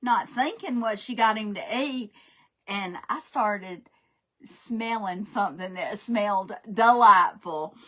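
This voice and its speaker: A woman's voice: medium pitch, slow, fairly bright tone. A woman, chatting and telling stories while crafting live, laughing often. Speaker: craft livestream host. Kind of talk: casual chat while crafting.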